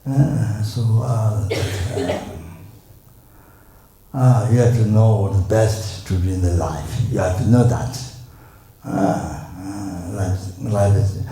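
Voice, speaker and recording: An older man with a Tibetan accent giving a Buddhist teaching in English, halting with many fillers and repeated words, and suddenly loud for emphasis. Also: fairly low pitch. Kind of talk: Dharma teaching. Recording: echoey hall with faint noise.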